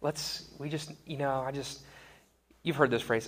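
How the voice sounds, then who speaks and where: A man's voice: medium pitch, fairly even intonation, unhurried. A man in his thirties giving a conversational sermon, wry and self-deprecating. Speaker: pastor.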